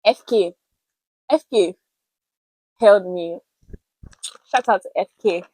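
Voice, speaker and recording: A young woman with a Nigerian accent, telling a personal story to camera in a chatty, animated way with pidgin words mixed in. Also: mid-range voice, takes it slowly, husky, dry recording, poor audio. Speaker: vlogger.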